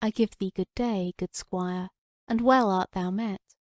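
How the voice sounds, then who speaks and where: A woman's voice: medium pitch, steady tone, a little slow, dry recording, studio quality, natural voice. Woman reading as a proud enchantress of the wood. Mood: caressing. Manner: soft and caressing, turning to scorn.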